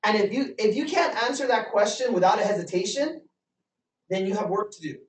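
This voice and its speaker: In a meeting room before a live audience, a man runs an energetic motivational business training, constantly questioning the room and repeating points for emphasis. His voice sits high, animated and fairly quick, while the distant mic picks up echo around the room.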